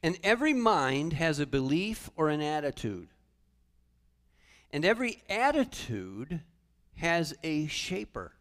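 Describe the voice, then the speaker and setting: A male pastor preaching a sermon in a church sanctuary, animated, with humorous asides. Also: on the high side, measured pace. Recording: long church reverb.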